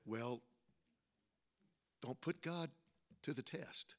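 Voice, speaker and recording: A middle-aged pastor with a mid-range voice preaches slowly, putting questions to the congregation and punctuating points with amens. He swings between soft passages and loud, emphatic lines.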